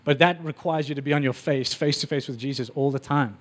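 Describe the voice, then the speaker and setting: A man preaching a sermon, telling stories with animated energy and acting out the voices. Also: on the high side, brisk.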